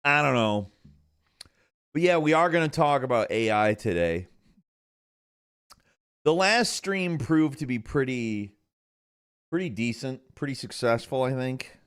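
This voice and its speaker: A man's voice: mid-range voice, expressive, unhurried, pauses often, a bit bright, smooth. A man hosting a live stream, chatting casually in a rambling way with lots of restarts. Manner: rambling, hesitant, many restarts. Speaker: streamer host.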